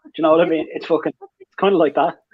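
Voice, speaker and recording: Guy, husky voice, swearing nonstop, lo-fi stream audio. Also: fairly high pitch, steady tone, very fast, no room sound. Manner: crude, swears constantly, tells anecdotes. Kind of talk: casual chat.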